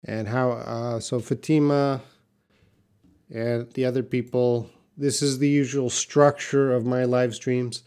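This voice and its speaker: Man, Canadian accent, English teacher, live-stream lesson, slow and patient, mid pitch. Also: steady tone, darkish tone, smooth. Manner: talks to chat viewers by name, explains patiently.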